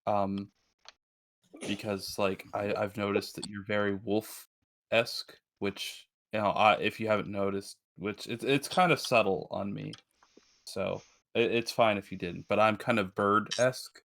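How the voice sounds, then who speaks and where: A man's voice: lowish voice, steady tone, a little slow, creaky, fairly bright tone. A man playing an eager, chatty bird-person. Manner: eager, rambling, restarts mid-sentence. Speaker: player. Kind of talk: playing a tabletop game in character.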